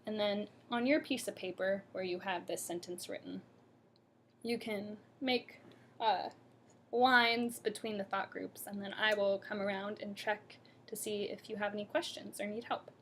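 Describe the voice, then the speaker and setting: A woman teaching a pronunciation lesson to a class, speaking deliberately and demonstrating rises and falls in her voice. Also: medium pitch, steady tone, fairly bright tone, slight background noise. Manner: slow, deliberate, demonstrating intonation.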